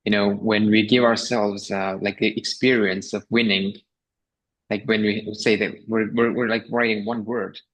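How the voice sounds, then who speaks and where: Low-voiced man musing thoughtfully. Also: little pitch movement, normal speed, a bit bright, poor audio. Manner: hesitant, many fillers and restarts, reflective. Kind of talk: conversational podcast talk.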